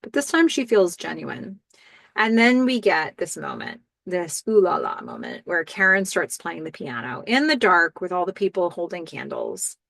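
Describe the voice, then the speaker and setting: A woman with a lowish voice hosts a podcast, walking through a TV episode scene by scene. She talks casually, describing what happens and reflecting on it. The sound is dry and close to the mic. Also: very animated, moderate pace, gravelly, fairly bright tone, dry recording. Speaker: podcast host.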